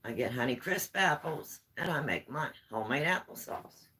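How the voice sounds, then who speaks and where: A woman's voice: extremely low pitch, animated, moderate pace, bright, forceful tone, slight background noise, rough recording. A woman vlogger chatting at home, telling homespun stories in a rambling, easygoing way. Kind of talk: casual storytelling chat.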